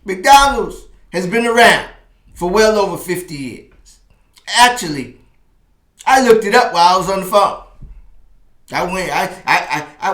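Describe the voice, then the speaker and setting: A man in his fifties tells a personal dating story as a relationship advice host. His voice is bright and sharp, and his manner moves between animated storytelling and slower, heartfelt reflection. The recording has a roomy echo. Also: high-pitched. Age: 50s. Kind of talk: personal storytelling monologue to camera.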